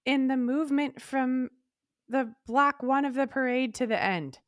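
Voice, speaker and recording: Frank woman with a brightish, dry voice. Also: high voice, a little slow, no echo. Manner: frank, animated, swears freely. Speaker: podcast co-host. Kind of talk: candid casual conversation.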